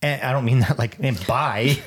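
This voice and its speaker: A man's voice: medium pitch, moderate pace, slightly rough. A man co-hosting a casual podcast who mixes jokes with reflective asides. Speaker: podcast co-host. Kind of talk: casual chat.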